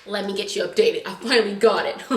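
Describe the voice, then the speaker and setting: A young woman vlogger recapping a drama in animated, chatty casual talk, acting out scenes as she goes. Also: mid-range voice, moderate pace, echoey room, a little hiss or hum.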